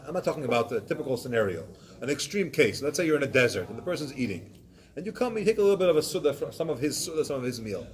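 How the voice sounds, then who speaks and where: A man teaching a Torah class, explaining points with animated examples and acted-out excuses. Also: fairly high pitch. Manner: animated, acts out excuses in voices.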